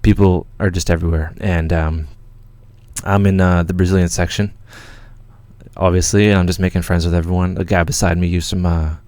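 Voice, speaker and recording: A Canadian man hosting a livestream, telling a story in an excited, rambling way with lots of swearing and restarts. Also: deep voice, a little fast, no room sound. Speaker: channel host.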